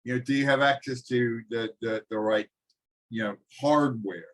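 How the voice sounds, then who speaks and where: A middle-aged man teaching a college class over a video call, talking in halting bursts with many fillers and restarts. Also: mid-range voice, fairly even intonation, low-quality recording. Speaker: college instructor. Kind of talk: online class lecture.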